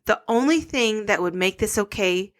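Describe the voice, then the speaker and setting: A woman's voice: medium pitch, expressive. A woman co-hosting a podcast, chatting casually and teasing her co-host about a movie. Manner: teasing, quick to argue. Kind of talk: casual chat recapping a movie.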